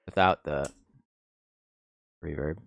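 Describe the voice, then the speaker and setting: Low-voiced laid-back male producer. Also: steady tone, slow, gravelly, highs cut off. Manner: laid-back and slangy, muttering half-finished thoughts. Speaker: music producer streaming a session. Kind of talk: casual thinking-aloud commentary while mixing.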